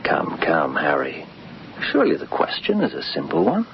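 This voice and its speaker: An actor in a radio drama playing a brooding gentleman fixated on terror, measured and darkly musing. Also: rumbling low, huge pitch swings, vocal fry, exaggerated voice. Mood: probing. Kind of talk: 1950s-style BBC radio drama acting. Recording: dull lo-fi radio recording with faint hiss.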